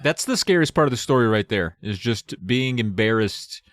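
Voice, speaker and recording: A man co-hosting a podcast in casual chat, reacting with quick asides and frequent laughter. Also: medium pitch, lively intonation, a bit bright. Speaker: podcast co-host.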